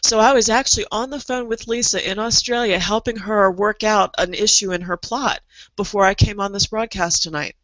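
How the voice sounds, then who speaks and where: A woman's voice: medium pitch, steady tone, normal speed, a bit bright, no echo, lo-fi sound. A middle-aged woman coaching aspiring writers in a motivational online presentation, speaking earnestly and leading guided imagery with repeated phrases. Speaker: creative coach.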